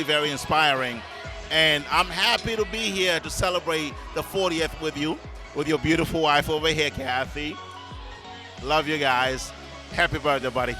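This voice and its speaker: A man with a slightly high voice gives a sincere, halting birthday toast, stopping now and then to find his words. Music plays clearly behind him. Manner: earnest, halting, searching for words.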